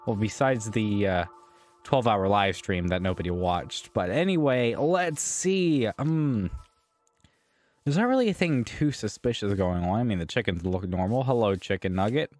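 A man's voice: lowish voice, normal speed, darkish tone, no room sound. A young man casually commenting while gaming, jittery and swearing, yelping when startled. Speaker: gaming YouTuber. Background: music.

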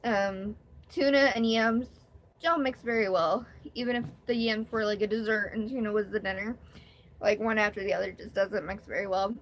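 A woman's voice: mid-range voice, steady tone, normal speed, a little hiss or hum. A young woman vlogger talking candidly in a rambling, emotional way during her first live stream. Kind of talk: casual live-stream chat.

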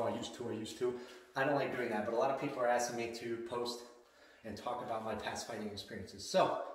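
A blunt, emphatic middle-aged man coaching self-defense, closing each point with a quick "okay?". He sounds far from the mic in a very echoey room, with faint noise behind him. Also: mid-range voice, a bit bright. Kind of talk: instructional workout video.

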